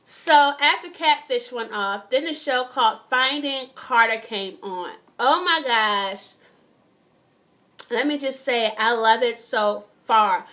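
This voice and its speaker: A woman's voice: fairly high pitch, bright, forceful tone. A young woman, giving a casual, indignant TV review and swearing freely. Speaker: vlogger.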